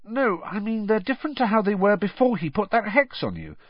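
A man's voice: high-pitched, sing-song, a little fast, dry recording, voice pushed up. A man voicing a blunt, touchy teenage schoolboy who talks in snappy bursts in an audiobook reading. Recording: dry, slightly muffled.

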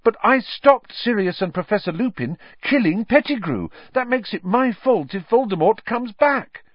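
A man's voice: lively intonation, moderate pace, breathy edge, no echo. A man voicing an earnest, anxious teenage boy wizard who talks in urgent, pleading bursts. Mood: distressed. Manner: urgent, pleading, rising pitch. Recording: slightly dull lo-fi audio.

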